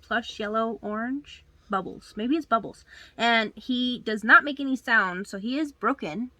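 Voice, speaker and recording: A woman's voice: fairly high pitch, a little slow, sharp tone, no room sound. A woman co-hosting a reselling vlog, cheerfully showing off sold items and telling viewers what each one went for. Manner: upbeat, says "guys" often. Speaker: co-host of a reselling channel.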